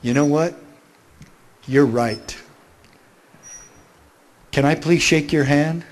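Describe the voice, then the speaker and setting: A courteous small-town sheriff, unhurried and reassuring, as a man telling a story puts him on. The voice sits a touch higher than most men's, and it stays polite and steady throughout. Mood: gentle. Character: calm, kindly male small-town sheriff.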